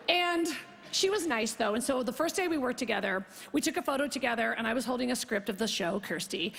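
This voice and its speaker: A woman doing a stand-up comedy set, telling a story in a brash, profane, fast way and acting out both sides of the conversations. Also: high voice, lively intonation, creaky, fairly bright tone, slight background noise. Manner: brash, profane, rapid storytelling with mock-quoted dialogue. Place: theater stage before a live audience. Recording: live concert recording with hall reverb.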